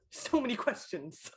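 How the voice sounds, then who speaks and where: A woman playing a tabletop game in character, playful and full of questions. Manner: playful, questioning, laughing often. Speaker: player.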